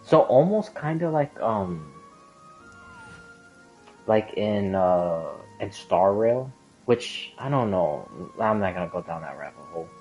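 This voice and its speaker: Slow, deep-voiced man rambling through theories. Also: very animated, warm tone, highs cut off, soft background music. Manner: rambling, hesitant, many fillers and restarts. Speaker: gaming lore commentator. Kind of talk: casual explanatory monologue.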